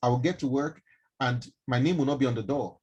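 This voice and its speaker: A man with a Nigerian accent gives an animated mentoring talk on a live stream and often asks his listeners questions. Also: mid-range voice, fairly quick, husky, highs cut off. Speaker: mentor speaking to young people.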